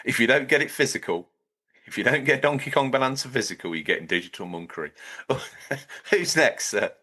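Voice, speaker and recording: Podcast co-host, a man from Lincolnshire, mid-pitched, animated, playful mock-grand reads. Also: fast talker, slightly rough. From Lincolnshire, England. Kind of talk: jokey banter and ad reads.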